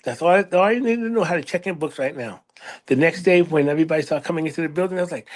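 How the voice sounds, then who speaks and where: A middle-aged man from the United States tells a story in a relaxed interview with a slightly high voice. He is lively and acts out the other people in his story, pushing his pitch up for their lines. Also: rapid-fire. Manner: animated storyteller, voicing others in a raised pitch. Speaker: librarian, interview guest.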